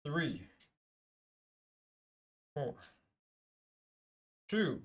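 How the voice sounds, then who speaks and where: A man's voice: on the high side, very animated, drawn-out words, highs cut off. A man streaming a LEGO build, chatting casually, muttering piece counts to himself and swearing now and then. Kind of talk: casual live-stream chat.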